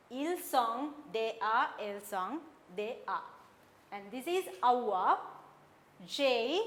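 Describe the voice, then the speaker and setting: A woman teacher talks through verb endings slowly and carefully, her voice a little high. She sounds out each form in turn. A long reverb trails behind her words. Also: fairly bright tone. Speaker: French teacher. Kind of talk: classroom lesson at a board.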